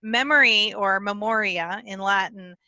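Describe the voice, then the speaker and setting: Bright-voiced woman teaching a writing workshop. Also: medium pitch, measured pace, dry recording, lo-fi sound. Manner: explanatory, with small slips and self-corrections; talks with her hands. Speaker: conference speaker teaching writing. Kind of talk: conference talk.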